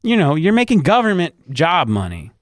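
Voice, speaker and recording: A man's voice: a little high, moderate pace, dry recording, clean studio sound. A man telling a crude story in casual podcast chat, cursing freely and acting out voices. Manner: profane, animated retelling with quoted voices. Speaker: podcast co-host.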